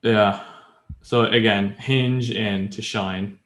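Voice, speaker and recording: Male podcast co-host, fairly low voice, rambling explainer, roomy echo. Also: fairly even intonation, slow pace, fairly bright tone. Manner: chatty, many fillers, explains step by step. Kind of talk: casual language-learning chat.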